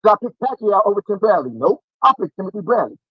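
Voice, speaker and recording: Brash fast-talking man, high voice. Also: big pitch swings, husky, dry recording, dull audio. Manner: brash, combative, repeats himself. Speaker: show host. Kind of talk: heated casual debate.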